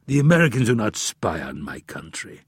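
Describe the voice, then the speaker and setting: A man's voice: on the low side, huge pitch swings, a little fast, husky, no room sound, studio quality, heavily acted. A man voicing a confident, naive adult prince in an audiobook, raising his voice above his own narration. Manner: confident, self-assured.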